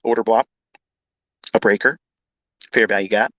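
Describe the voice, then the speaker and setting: A man's voice: lowish voice, steady tone, normal speed, fairly bright tone, no echo, dull audio. A man teaching trading as a mentor, ranting bluntly with heavy swearing and repetition. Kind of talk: unscripted profane rant.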